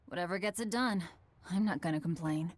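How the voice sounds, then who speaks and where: A woman's voice: fairly low pitch, brisk, no echo, natural voice. An actress playing a blunt, cool-headed young woman leader in a game, speaking curtly. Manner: blunt and curt. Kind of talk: game voice acting.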